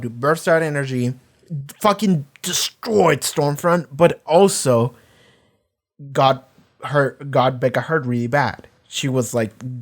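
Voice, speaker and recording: Excitable, swearing male reaction vlogger. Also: mid-range voice. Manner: excitable, rambling, swears a lot. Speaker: TV reaction YouTuber. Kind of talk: casual reaction commentary.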